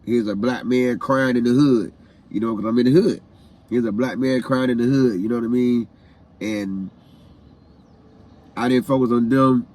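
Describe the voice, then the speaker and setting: A man's voice: medium pitch, a little mellow. A man vlogging a personal story, retelling a painful day in an emotional, repetitive way. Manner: repetitive, heartfelt retelling with phrases said again and again; emotional, grieving.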